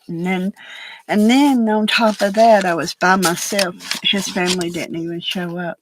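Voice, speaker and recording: An older woman telling a personal story in a halting, rambling way, with many pauses, while she works on a craft project. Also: medium pitch, animated, background noise.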